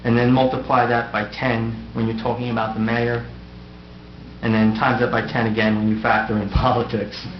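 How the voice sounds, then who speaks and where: The middle-aged mayor, stepping down, offers a rehearsed farewell from the council dais, spiced with wry self-deprecation. He speaks at a moderate pace in a medium pitch that stays mostly flat. His words reach us through a dull, noisy, echo-filled room recording.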